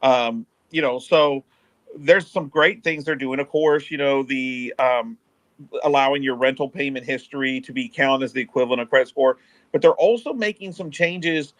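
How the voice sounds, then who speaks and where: A man talking casually and haltingly, full of pauses and fillers. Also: medium pitch, fairly bright tone, no room sound. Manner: hesitant, many fillers. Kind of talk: casual chat.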